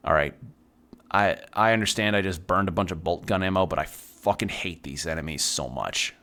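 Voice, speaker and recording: A deep-voiced man talks loosely as he plays a video game on stream. He drifts from thought to thought in relaxed, chatty asides and swears now and then without much weight behind it. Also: normal speed. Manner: rambling, chatty, swears casually. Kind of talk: casual chat while playing a video game.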